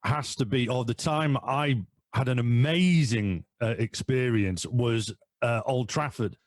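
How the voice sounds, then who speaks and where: A man guesting on a football podcast, telling fan stories in a rambling, animated way with lots of fillers. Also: medium pitch, measured pace, no echo. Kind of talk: casual storytelling.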